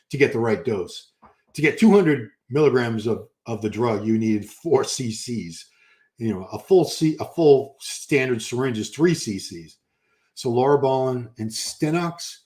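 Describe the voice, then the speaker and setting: A man's voice: medium pitch, darkish tone. An older man, chatting casually on a live stream and answering comments, rambling and correcting himself as he goes.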